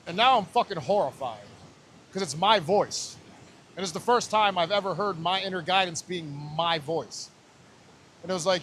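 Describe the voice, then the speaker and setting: A man in his thirties with a high-sitting, slightly bright voice speaks at normal speed over slight background noise. As a podcast guest, he tells a personal story casually but raw and emotional, swearing often and acting out scenes with quoted voices.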